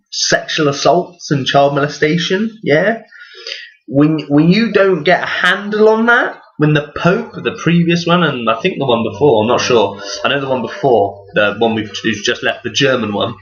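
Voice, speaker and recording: A man's voice: on the high side, a bit bright. A man vlogging in a casual rambling monologue. He swears freely and often laughs at his own jokes. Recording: dull lo-fi recording.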